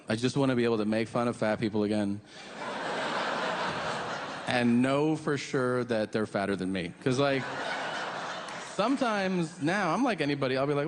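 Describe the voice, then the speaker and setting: A man doing a stand-up comedy set, telling stories deadpan and acting out both sides of the conversations. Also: mid-range voice. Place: comedy club stage. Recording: live club stage mic, long hall reverb, audience noise.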